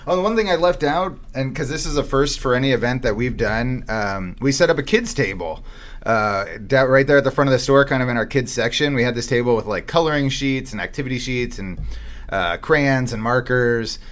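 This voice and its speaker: A man's voice: medium pitch, brisk, a bit bright. Laid-back man hosting a shop podcast. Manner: rambling, loose storytelling with fillers and casual swearing. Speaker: comic shop owner and podcast host. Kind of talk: casual podcast chat.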